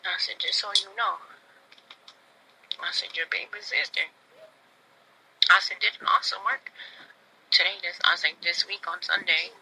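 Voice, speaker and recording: Bright-voiced woman telling a personal story. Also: lowish voice, normal speed, vocal fry, pauses often, husky, low-quality recording. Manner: emotional, drops to a near whisper when moved; rambling, repeats "I said" and "like". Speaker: radio show host.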